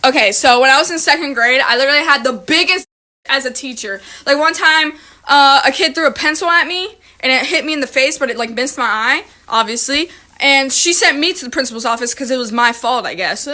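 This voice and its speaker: High, bright woman ranting a story. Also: expressive, fairly quick. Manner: blunt, exasperated, swears freely. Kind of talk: casual storytime.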